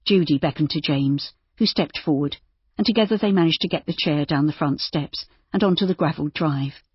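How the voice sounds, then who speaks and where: A woman audiobook narrator reading scripted narration in a steady, even storytelling manner. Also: low-pitched, moderate pace, husky, no echo, muffled recording.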